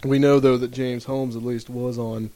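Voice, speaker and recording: A man's voice: medium pitch, little pitch movement, moderate pace, mellow, dry recording. Man co-hosting a casual podcast, dry sound. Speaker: podcast co-host. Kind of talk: casual chat, reading aloud a passage.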